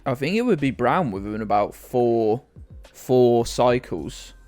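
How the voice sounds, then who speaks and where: A British man chats casually to his viewers as he streams a game, rambling and joking at his own expense. His mid-pitched voice swings widely up and down as he talks, and faint music plays behind him. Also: expressive, slow, darkish tone, no echo. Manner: rambling, self-mocking, chatting to viewers. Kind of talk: casual live-stream commentary.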